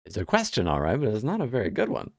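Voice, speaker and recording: A man with a gravelly, fry-tinged voice tells everyday stories in a relaxed vlog monologue. He sounds wry and amused, stumbling over and repeating words as he talks. The sound is dry and close, with no room around it. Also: lowish voice, quick pace, no echo. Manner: chatty, many restarts and repeated words. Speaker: vlogger sharing life stories. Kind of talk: casual storytelling monologue.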